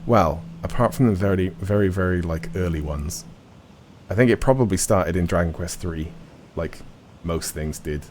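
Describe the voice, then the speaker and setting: A man's voice: low voice, normal speed, a little mellow. Rambling male streamer, faint hiss. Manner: rambling, trailing off, filler-heavy. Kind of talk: live game commentary.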